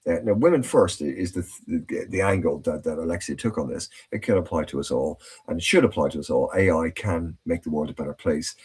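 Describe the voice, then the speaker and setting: A man's voice: low-pitched, fairly quick, hardly any pauses, darkish tone, slightly rough. A man hosting a casual podcast chat, telling anecdotes in a chatty way with many restarts. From Ireland. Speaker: host.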